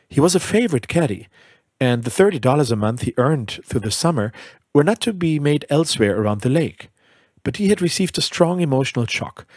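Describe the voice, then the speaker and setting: Brief: male audiobook narrator, measured and deliberate, husky tone, dry sound. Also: mid-range voice, a little mellow, dry recording. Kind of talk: scripted literary narration.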